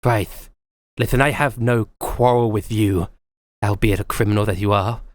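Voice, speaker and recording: A man voicing a crude, weary male military commander who drawls slowly. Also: fairly low pitch, steady tone, no echo, natural voice.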